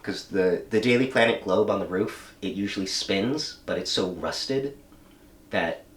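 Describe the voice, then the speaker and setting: A man hosting a casual podcast, retelling a comic story in an animated, profane way with lots of fillers. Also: on the low side, measured pace. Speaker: podcast host. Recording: roomy room, mic at a distance.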